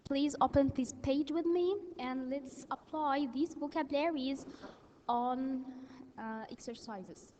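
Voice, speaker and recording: Slow high-voiced woman teaching vocabulary. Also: darkish tone, slight background noise. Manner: slow, explains step by step with halting fillers. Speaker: English teacher. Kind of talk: recorded vocabulary lesson. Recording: dull lo-fi audio with long reverb.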